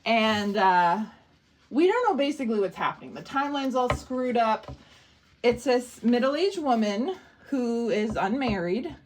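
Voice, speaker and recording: A woman talking through a film review in a casual vlog. Her voice sits fairly high and swings widely in pitch as she chats, laughs and acts out snippets of dialogue. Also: measured pace, a little hiss or hum. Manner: animated, chatty, laughs often, acts out quotes.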